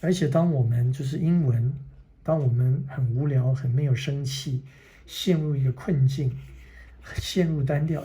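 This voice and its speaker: Reading a children's book at a slow pace, this man pauses to explain words in another language, occasionally sinking to a whisper. His mid-range voice is mellow with a fairly even intonation, fitting his role as reader and teacher.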